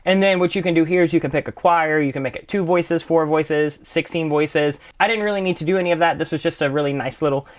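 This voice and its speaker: A young man walks through music production plugins in a relaxed, conversational way. His voice sits a little high, and he talks quickly, with plenty of "kind of" and doubled words. He sounds like a friendly tutor sharing his own workflow. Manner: relaxed, chatty, full of fillers like "kind of" and "really, really". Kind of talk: casual screen-share tutorial.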